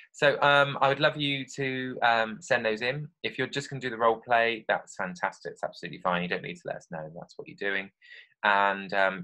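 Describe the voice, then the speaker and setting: A man's voice: low-pitched, bright, forceful tone. Male teacher explaining steps. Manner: friendly, explanatory, talks children through each step. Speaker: primary school teacher. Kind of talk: online literacy lesson.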